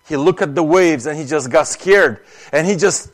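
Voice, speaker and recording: A man's voice: fairly high pitch, moderate pace. A man preaching an earnest sermon, often acting out prayers and repeating words as he speaks.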